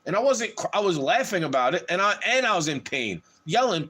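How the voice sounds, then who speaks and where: A man with a high voice holds forth on a livestream in a heated, swearing rant. His pitch climbs and plunges widely as he talks, so the delivery sounds restless and agitated throughout. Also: sing-song, fairly quick, hardly any pauses, bright, forceful tone, breathy edge. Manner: heated, profane, ranting.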